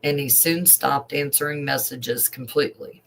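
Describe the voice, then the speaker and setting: A man's voice: medium pitch, vocal fry, a bit bright, a little hiss or hum, poor audio. A man reading a news story aloud and adding emotional asides as an online commentator. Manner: slow, emotional asides between read passages.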